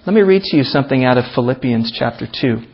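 A man's voice: mid-range voice, animated, fast talker, vocal fry, breathy edge. A man preaching a sermon as pastor, reading scripture aloud with emphatic, rising delivery. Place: church. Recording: dull archived church recording.

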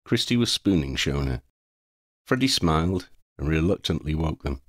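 A man reading a fan fiction audiobook in an expressive storytelling manner. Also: very deep voice, normal speed, dry recording, studio quality. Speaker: audiobook reader.

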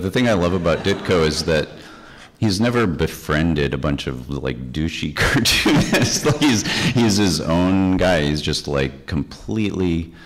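A man in his fifties from Chicago with an exceptionally low, deep voice tells a long story on a convention stage. He rambles animatedly, peppering every sentence with "like." He sounds like a comics artist reminiscing for a crowd. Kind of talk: anecdotal storytelling on a panel. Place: convention stage before an audience.

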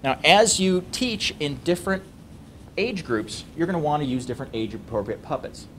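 A man with a deep bass voice teaching puppet voices in a casual, demonstrating way. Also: expressive, moderate pace, a bit bright, a little hiss or hum. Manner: casual, demonstrating, many ums. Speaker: puppetry trainer. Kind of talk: instructional talk.

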